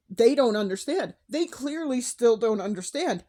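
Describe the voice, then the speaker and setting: A woman's voice: on the high side, animated, moderate pace, warm tone. A young adult woman talking candidly in a personal vlog, emotional, with sighs and restarts. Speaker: vlogger.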